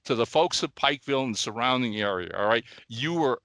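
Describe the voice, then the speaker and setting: An older man from the Midwest co-hosting a casual podcast, animated, repeating words and often checking in with "okay?" and "all right?". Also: mid-range voice, fast, no room sound. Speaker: podcast co-host.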